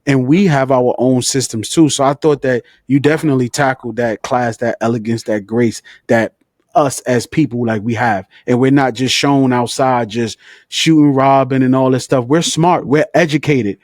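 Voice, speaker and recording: A man's voice: mid-range voice, steady tone, moderate pace, a little mellow, dry recording, studio quality. A man interviewing an author, talking in an enthusiastic, slangy, conversational way. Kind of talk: casual interview chat.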